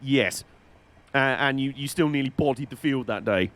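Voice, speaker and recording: A man's voice: mid-range voice, moderate pace, a bit bright, close to an everyday voice. Man doing a young racing driver, obedient, dutiful, eager.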